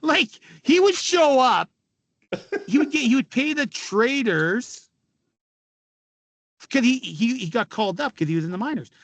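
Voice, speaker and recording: High-voiced man telling rowdy stories. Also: measured pace, pauses often, no echo. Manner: animated, laughing, swearing storyteller. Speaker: former hockey player, podcast guest. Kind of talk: casual storytelling.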